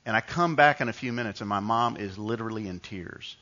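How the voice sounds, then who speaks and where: A preacher from New York delivers a sermon, telling stories casually and restarting his sentences as he goes. His voice is bright and forceful. The recording is a little dull and lo-fi. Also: lowish voice, fairly quick. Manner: conversational storytelling with frequent restarts. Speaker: pastor.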